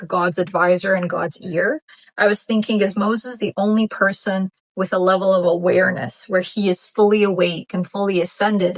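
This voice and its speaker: A woman's voice: mid-range voice, dry recording, poor audio. A woman vlogger reflecting on her Bible reading in casual commentary, thinking aloud with fillers and restarts. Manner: thoughtful, musing, frequent fillers and restarts.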